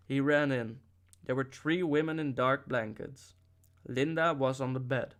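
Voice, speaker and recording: A man narrating a novel as an audiobook reader, with a steady storytelling delivery and occasional slips. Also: mid-range voice, a little slow, smooth.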